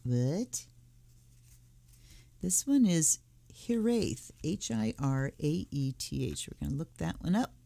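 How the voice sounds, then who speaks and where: A woman's voice: sits low, sing-song, takes it slowly, gravelly, long pauses, mellow, no room sound. A woman hosting a tarot channel, thinking aloud in a casual, musing way as she unboxes and looks through a deck. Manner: musing, thinking aloud while flipping cards. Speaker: tarot reader and channel host.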